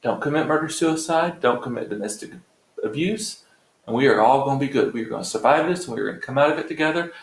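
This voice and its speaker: Speaking quickly and with animation in a medium-pitched voice, a middle-aged livestream host rambles casually to viewers, throwing in playful swearing. The audio has a roomy echo.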